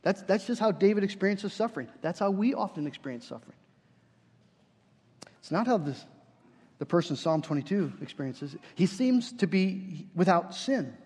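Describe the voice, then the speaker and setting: A high-pitched man delivers an earnest sermon, swelling into fervent emphasis and stumbling over restarts. His voice carries a long reverb from a large hall. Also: lively intonation, normal speed, long pauses, darkish tone, breathy edge. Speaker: preacher.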